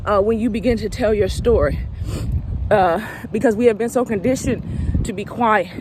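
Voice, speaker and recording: A woman's voice: on the high side, noisy background. Slightly winded woman giving an emphatic pep talk. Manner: emphatic, preachy, repeats herself. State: slightly out of breath. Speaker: recovery coach. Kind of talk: motivational direct-to-camera talk.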